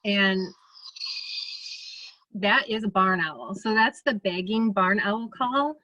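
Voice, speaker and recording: A woman with a Midwestern American accent gives a casual talk, chatty and relaxed, circling back with small fillers and restarts. Her voice sits at a middle pitch and is recorded dry and close, with no room sound. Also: slow pace, no echo, dull audio. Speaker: ornithologist giving a talk. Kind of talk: casual presentation.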